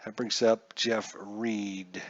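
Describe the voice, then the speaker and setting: A man's voice: on the low side, level tone, slow, no room sound, dull audio. A man calling a solo tabletop dice baseball game in a casual play-by-play, chatty and jokey, talking to himself as he checks his charts.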